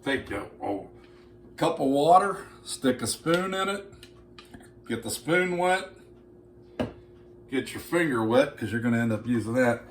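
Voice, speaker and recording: A man's voice: mid-range voice, expressive, unhurried, pauses often, echoey room, slight background noise. A man demonstrating a recipe in a casual cooking vlog, folksy and joking as he talks straight to his viewers. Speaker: home cooking vlogger. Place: home kitchen.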